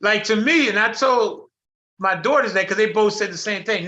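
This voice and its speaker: Bright-voiced blunt middle-aged man. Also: sits high, normal speed. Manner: blunt, animated storytelling with slang and cursing. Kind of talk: casual storytelling on a video call. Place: video call. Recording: muffled video call audio.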